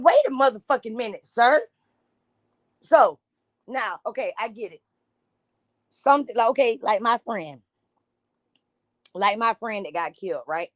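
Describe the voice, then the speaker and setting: A woman's voice: fairly high pitch, no room sound. A woman from Jacksonville, reacting to a news clip in a blunt, heated, profane rant. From Jacksonville, Florida.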